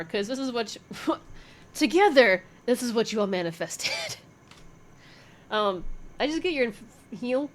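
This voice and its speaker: Swearing, chatty woman reading tarot. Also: medium pitch. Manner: chatty, swears freely, laughs often, thinks aloud with fillers. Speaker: tarot reader.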